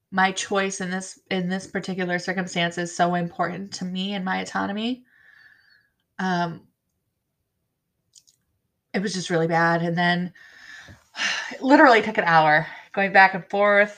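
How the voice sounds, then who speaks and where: A woman telling her own story as a bereaved mother, halting and frank, with blunt swearing. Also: on the low side, fairly even intonation, fairly bright tone. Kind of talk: personal storytelling to camera.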